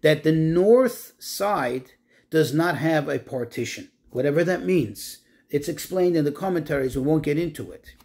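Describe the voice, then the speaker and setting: A man giving a Torah class on the weekly portion, asking rhetorical questions and slowing down to stress Hebrew terms. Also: on the high side, a little mellow. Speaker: Torah teacher.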